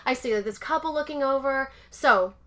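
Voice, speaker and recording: A woman in her thirties from Southern California, co-hosting a casual chat show and telling an animated story, full of "like" and acted-out quotes. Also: sits high, normal speed. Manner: animated, acts out quotes, frequent "like" and "oh my God". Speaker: podcast co-host.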